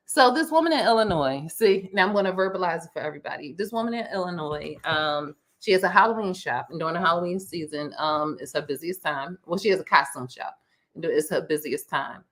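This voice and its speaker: A woman's voice: on the low side, fairly quick. A woman, co-hosting a casual podcast and telling stories with lots of fillers and restarts. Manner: rambling, animated storytelling with many fillers and restarts. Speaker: podcast co-host. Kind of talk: casual chat.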